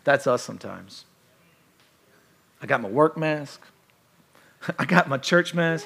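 A man preaching a sermon as pastor, animated and conversational with playful asides. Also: mid-range voice, normal speed, vocal fry, pauses often.

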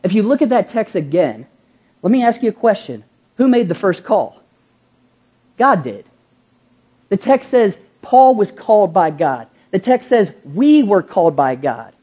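A woman pastor delivers a lively sermon, full of rhetorical questions and slowed, stressed words. Her voice is dark and mellow with a husky edge. She slips into everyday voices when quoting people. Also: mid-range voice. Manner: animated preaching, rhetorical questions, stretching key words; acts out quoted voices in an everyday tone.

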